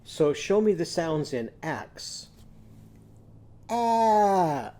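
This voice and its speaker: A man's voice: a little high, expressive, a little slow, warm tone. A man teaching a children's literacy lesson, patiently guiding young listeners through sounds and letters.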